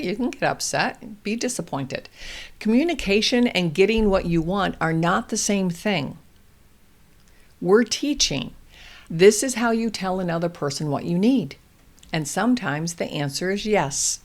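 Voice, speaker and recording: A woman hosting a parenting show, explaining calmly and gently with example phrases for toddlers. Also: mid-range voice. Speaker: parenting podcast host. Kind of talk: calm instructional advice talk.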